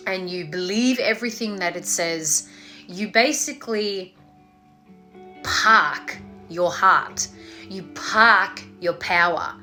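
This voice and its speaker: A woman's voice: mid-range voice, pushed and bright. A woman meditation teacher in a casual, playful talk, swearing freely and acting out voices before guiding a meditation.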